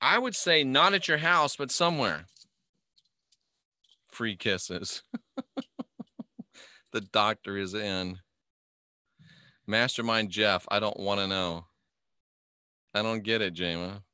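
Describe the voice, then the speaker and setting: A man's voice: fairly low pitch, expressive, takes it slowly, pauses often, bright, forceful tone, clear, resonant tone, no echo, studio quality. A middle-aged man hosting a casual live stream, reading viewer questions and rambling in an offhand, joking way. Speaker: livestream host reading viewer comments.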